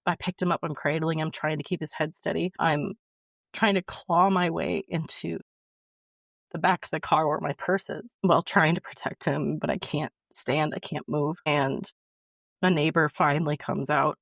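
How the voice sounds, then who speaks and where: A woman's voice: low voice, steady tone, normal speed, creaky, no room sound, clean studio sound. A woman, a podcast guest, telling a personal story in an earnest, emotional way that halts and restarts often.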